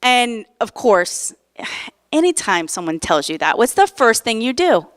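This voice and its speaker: A woman pastor in her forties preaching a sermon, telling a personal story with lively, animated emphasis. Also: on the high side, a little slow, no echo, studio quality. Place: church.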